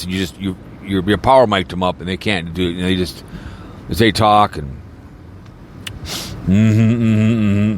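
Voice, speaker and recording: A man's voice: sits low, slight background noise. A man podcaster in a rambling, crude and mocking casual rant, talking from a car. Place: in a car, snowy weather.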